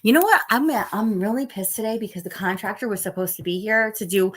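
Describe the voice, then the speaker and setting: A woman's voice: mid-range voice, fairly quick, breathy edge. A middle-aged woman from the Northeast United States hosting a casual live stream, chatty and rambling as she reads the chat, sounding tired. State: tired, yawning. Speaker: livestream host.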